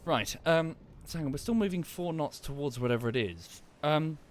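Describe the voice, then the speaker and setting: Male gaming streamer at home, casual talk-through, lively swooping pitch, mutters and corrects himself. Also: normal speed. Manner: thinks aloud, muttering asides and self-corrections. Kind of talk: casual live-stream commentary.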